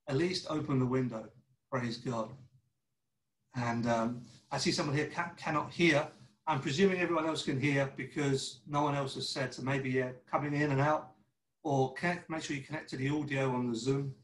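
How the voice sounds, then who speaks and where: A man's voice: medium pitch, normal speed, roomy sound, rough recording. A man giving an informal sermon over a video call, chatty, acting out little dialogues and often restarting his words. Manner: conversational, acts out little dialogues, stammering restarts. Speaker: church teacher.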